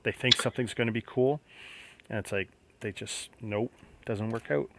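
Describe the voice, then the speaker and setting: A man's voice: on the low side, normal speed, gravelly, fairly bright tone. A man hosting a casual livestream, chatting and musing aloud as he builds a model kit. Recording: faint background noise.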